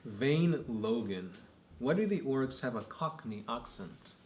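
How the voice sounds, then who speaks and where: A man co-hosting a casual chat, talking in a relaxed, loose way with lots of fillers. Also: medium pitch, takes it slowly. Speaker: podcast co-host. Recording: echoey room with faint noise.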